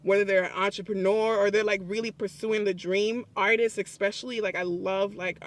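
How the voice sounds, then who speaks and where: A young man telling a story to his phone camera in a public place, excited and chatty, often breaking into laughs. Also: high voice, normal speed, a little hiss or hum. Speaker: vlogger. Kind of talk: casual vlog storytelling.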